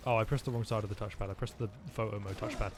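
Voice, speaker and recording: A man's voice: lowish voice, fairly even intonation, racing, background noise. A man streaming a video game, rambling and joking with his chat as he plays. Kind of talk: let's-play commentary.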